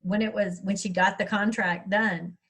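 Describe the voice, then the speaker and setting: A woman's voice: mid-range voice, fairly even intonation, moderate pace, a bit bright, rough recording. Chatty woman. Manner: chatty, rambling storyteller. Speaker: author speaking at a writers' workshop. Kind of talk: casual chat.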